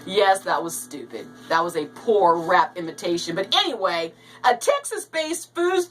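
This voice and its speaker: A woman giving casual, animated commentary on news stories, with jokey asides. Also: lowish voice, normal speed, recorded from a distance, rough recording. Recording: voice a bit off-mic, with light music behind.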